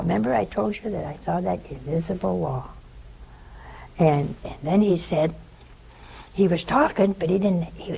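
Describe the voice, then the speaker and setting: An older woman preaches in a storytelling sermon, her voice gravelly and a little husky. She acts out the people in her story and now and then sinks to a hushed whisper. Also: lowish voice, low-quality recording. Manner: animated storytelling, acting out voices, dropping to whispers. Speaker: religious sister giving a talk.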